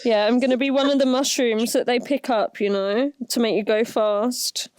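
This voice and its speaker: A woman's voice: on the high side, steady tone, moderate pace, a little mellow, low-quality recording. A woman co-hosting a podcast while unwell with a fever, chatting casually and playfully. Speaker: podcast co-host. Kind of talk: casual chat.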